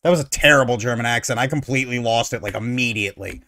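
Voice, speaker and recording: A man hosting casual reaction commentary, ranting in an animated, sarcastic, opinionated way. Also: mid-range voice, quick pace. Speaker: streamer reacting to online posts.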